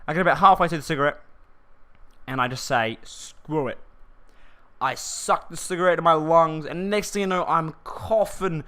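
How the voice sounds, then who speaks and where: Bright, slangy guy telling a story. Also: on the high side, a little fast, clean tone. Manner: rambling, slangy, many restarts. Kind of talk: casual storytime vlog.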